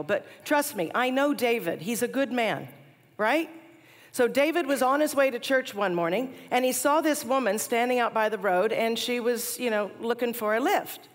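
A woman in her forties giving a storytelling chapel talk, animated and laughing at herself now and then. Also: a little high. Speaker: chapel speaker. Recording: long hall reverb.

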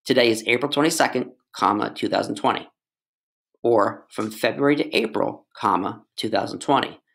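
A man's voice: medium pitch, normal speed, gravelly, a bit bright. A man tutoring English, explaining grammar in a casual, playful way with jokes and asides to his students.

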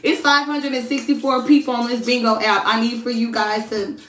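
A woman's voice: a little high, flat delivery, a little fast, fairly bright tone. A woman hosting a casual livestream from home, chatting straight to her viewers and reading their comments aloud. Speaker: livestream host. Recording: echoey room, voice from a distance.

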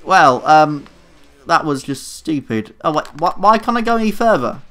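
A man's voice: fairly high pitch, animated, normal speed, pushed and bright. A young man commenting casually on his own gameplay, flustered, swearing a lot and mocking himself. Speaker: gaming YouTuber. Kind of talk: casual let's play commentary.

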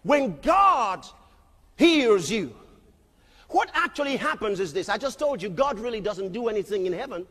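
A man preaching a sermon as a pastor, emphatic, often shouting and questioning his crowd. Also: sits high, very animated, normal speed. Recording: long reverb of a large hall.

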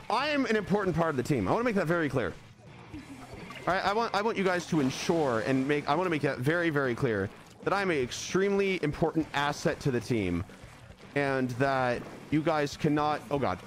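A man giving live commentary as he plays a video game, excitable, jumping from low muttering to sudden yelps and repeating phrases over and over. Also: quick pace, pauses often, faint music behind. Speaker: streamer.

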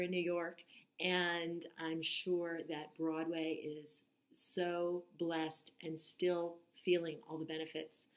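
Chatty woman with a low voice. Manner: chatty, laughing, soft whispery asides. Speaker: vlogger and meditation teacher. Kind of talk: casual vlog monologue.

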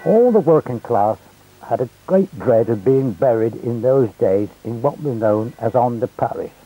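Elderly man with a very mellow husky voice. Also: mid-range voice, animated, moderate pace, faint music behind, low-quality recording. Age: older. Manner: chatty, wry anecdotes. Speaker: narrator. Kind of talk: storytelling reminiscence.

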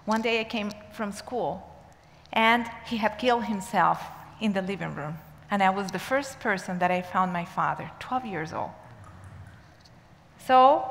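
A woman preaches from the front of a church, telling a story with earnest emphasis. Her voice sits at an ordinary middle pitch, and her pace speeds up and slows down as she stresses key moments. Each word trails off into the long, ringing reverb of a large church hall. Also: a bit bright, a little hiss or hum. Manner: earnest, emphatic storyteller, pace shifting between rushed and slow. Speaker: church speaker. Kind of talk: sermon with personal storytelling. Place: church sanctuary.

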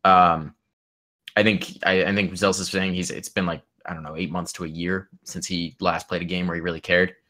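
A man's voice: low-pitched, level tone, moderate pace, sharp tone. A man co-hosting an esports podcast from home, talking casually and thoughtfully, with many fillers and restarts. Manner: rambling, thoughtful, lots of fillers. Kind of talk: casual chat. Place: home room with air conditioner.

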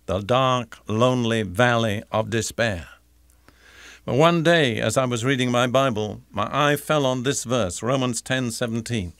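An older man teaching the Bible in a deliberate, emphatic sermon style, repeating key phrases. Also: medium pitch, a bit bright, clean tone, no echo, clean studio sound.

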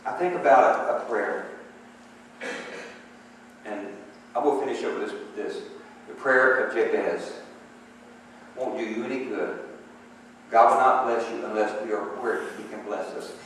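A man with a lowish voice preaches a sermon in a church sanctuary, speaking unhurriedly with long pauses and shifting between emphatic calls for response and conversational storytelling. The recording sounds distant and echoey, as in a large hall, with a faint hiss or hum.

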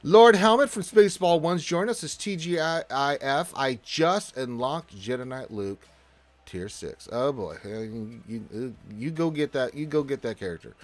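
A man's voice: medium pitch, animated, measured pace. Joking man hosting a gaming livestream. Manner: loose and joking, greets viewers by name, many fillers. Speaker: livestream host. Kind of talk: casual livestream chat, reading chat aloud.

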